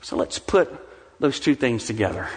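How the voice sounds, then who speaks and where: A middle-aged man preaching a sermon as pastor, swinging from soft, low asides to rising, emphatic declarations. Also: sing-song, moderate pace, slightly rough, big-room sound. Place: church sanctuary.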